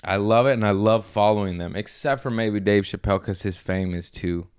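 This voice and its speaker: Low smooth-voiced man telling stories. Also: a little fast. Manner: animated storyteller who acts out others in high squeaky voices, swears often. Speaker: comedian, podcast guest. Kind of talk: casual chat, storytelling.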